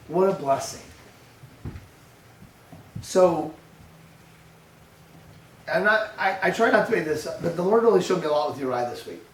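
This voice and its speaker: A man's voice: fairly high pitch, normal speed, long pauses, a little hiss or hum. Grandfatherly pastor preaching in an echoey church. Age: older. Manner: storytelling, animated, acts out a toddler's voice. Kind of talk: sermon. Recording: echoey church room heard from a distance.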